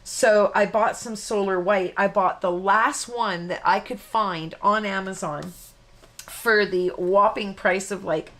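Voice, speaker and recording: A woman's voice: mid-range voice, fairly even intonation, slow pace, fairly bright tone. A woman hosting a live card-making tutorial, chatting casually and rambling with easy laughs. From Canada. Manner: rambling, self-interrupting, laughs easily.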